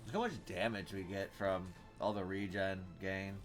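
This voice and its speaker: A man giving live commentary on his own game, thinking out loud, reading card text aloud and bursting into loud cheers. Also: sits low, fairly even intonation, normal speed, soft background music. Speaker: gameplay streamer.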